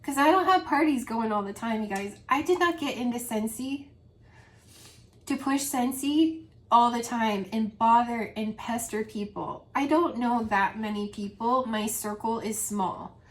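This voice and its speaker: Her voice sits on the high side, and she keeps a measured pace. She's an adult woman vlogger with a grown daughter, sharing an earnest, emotional, meandering monologue about her home fragrance sales.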